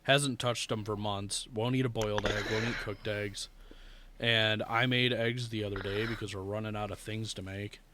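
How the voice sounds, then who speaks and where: A man's voice: lowish voice, fairly even intonation, normal speed, background noise. A young man co-hosting a podcast in casual chat, telling rambling stories as a first-time dad, swearing freely and laughing often. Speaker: podcast co-host.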